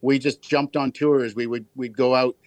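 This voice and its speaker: A man's voice: mid-range voice, fairly even intonation, a little mellow, no room sound. A middle-aged man with an Ontario accent, a guest musician telling stories in an interview. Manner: chatty, fast storytelling with restarts.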